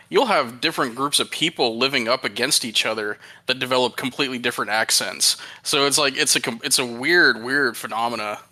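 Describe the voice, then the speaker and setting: Very bright-voiced rambling man. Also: medium pitch. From US West Coast. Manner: rambling, thoughtful, many fillers. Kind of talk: casual online chat. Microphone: online call mic.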